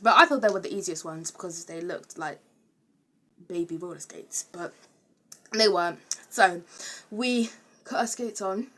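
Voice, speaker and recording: A woman's voice: fairly low pitch, unhurried, long pauses, a bit bright. A young woman telling a casual, rambling storytime with lots of filler words. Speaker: vlogger.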